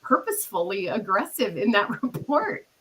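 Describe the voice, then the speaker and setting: A woman's voice: mid-range voice, normal speed, crowd noise, poor audio. A woman hosting a casual podcast chat, telling stories animatedly and acting out what others said, with a cough from illness. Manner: animated storytelling, acting out quoted people. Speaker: podcast host.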